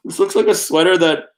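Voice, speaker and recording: A young man hosting a casual vlog, talking in a playful, giggly way and hamming up each pun. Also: high-pitched. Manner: playful, giggly, reads puns in a put-on emphatic voice. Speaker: vlogger.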